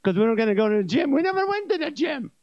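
A man's voice: very high-pitched, big pitch swings, rapid-fire, no echo, muffled recording, pitched above the performer's own voice. A man voicing his own stomach as a jilted, whiny male character who scolds and guilt-trips him. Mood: indignant. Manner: nagging, wounded, guilt-tripping.

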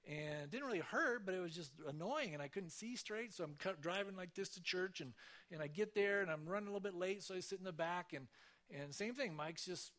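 Speaking fairly quickly, a man on a church stage tells testimony stories in an easy, conversational flow. His voice is a little high for a man, and he animates the quotes by acting out each voice with lively swings.

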